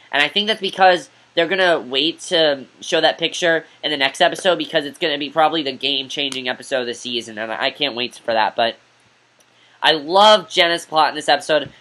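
A man's voice: on the high side, sharp tone, a little hiss or hum. A man giving a casual, rambling review of a TV episode, eager and repetitive, with lots of fillers. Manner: rambling, eager, repeats himself with many fillers.

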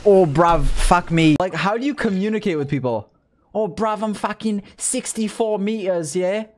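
A man's voice: high voice, normal speed, slight background noise, close to an everyday voice. A man putting on a mock British accent as a cocky, swearing young British man. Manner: loud, cocky, profane.

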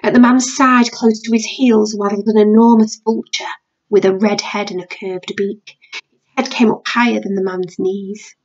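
A woman's voice: medium pitch, fairly even intonation, normal speed. British lady teacher reading a story to her class, muffled home recording. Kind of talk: reading a novel aloud to pupils.

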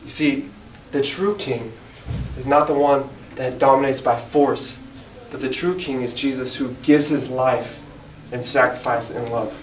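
A man's voice: mid-range voice, steady tone, unhurried, distant mic. Earnest man teaching Bible study, echoey. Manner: earnest, emphatic, reads scripture aloud. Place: church room. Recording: echoey room, mic from afar, faint hiss.

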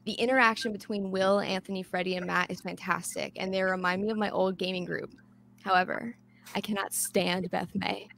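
Gravelly-voiced woman, halting casual chat. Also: mid-range voice, steady tone, fairly bright tone, a little hiss or hum. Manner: hesitant, many fillers and restarts, laughs while talking. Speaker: podcast guest.

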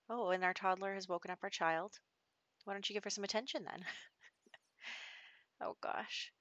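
A woman's voice: medium pitch, fairly even intonation, normal speed, pauses often, a bit bright, no room sound. Chatty woman narrating a life-sim game. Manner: chatty, rambling, laughs often. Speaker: let's play host. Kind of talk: casual gameplay commentary. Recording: dull, dry home mic.

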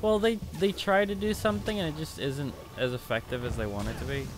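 A man's voice: mid-range voice, fairly quick, background noise. A man in casual chat, giving dry, joking commentary while a friend plays a game. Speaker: co-host commentating. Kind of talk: casual let's-play chat.

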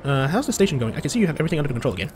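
Brief: quick, chatty guy hosting a game playthrough, faint music behind. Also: on the high side, very animated. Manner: chatty, reads text with fillers. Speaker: gaming channel host. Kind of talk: casual game playthrough, reading dialogue aloud.

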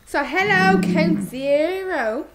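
Irish woman, high voice, quick teasing retorts, music clearly under her. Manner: short teasing retorts and greetings. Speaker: streamer. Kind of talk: casual banter on a live stream.

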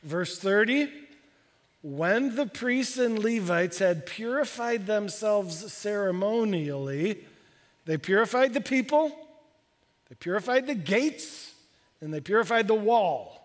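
A man in his fifties, a pastor preaching a sermon with animated, excitable delivery. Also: slow. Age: 50s. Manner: animated, bursts into high excited exclamations. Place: church sanctuary. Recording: long church hall reverb.

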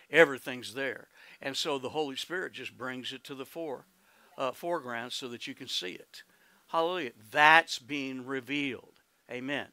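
A man's voice: medium pitch, bright, forceful tone, dry recording. A man with an Oklahoman accent preaching a sermon as pastor, folksy and exclamatory, calling out to the congregation and breaking into laughs and hallelujahs. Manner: laughs easily, calls out to congregation.

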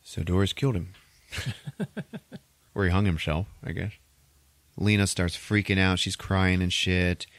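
Low-voiced man retelling a movie, swearing. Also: a little slow, pauses often, no room sound. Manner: profane, animated storytelling. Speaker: podcast host. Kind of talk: casual movie plot retelling.

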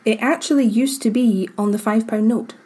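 A woman's voice: a little high, normal speed, dark tone, slightly rough. A woman co-hosting a podcast, chatting casually and laughing easily as she reads from her notes. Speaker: podcast co-host presenting the story. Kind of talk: casual chat.

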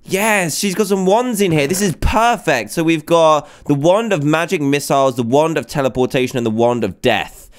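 A man hosting a video game let's play, excitable and chatty, exclaiming often. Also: on the high side, normal speed. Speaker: gaming video host.

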